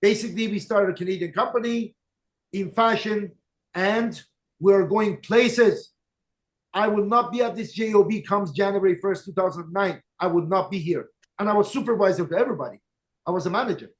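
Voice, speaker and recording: A man's voice: sits high, normal speed. A man who leads in network marketing, telling motivational stories in an emphatic, direct way and repeating his key points. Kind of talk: motivational storytelling talk.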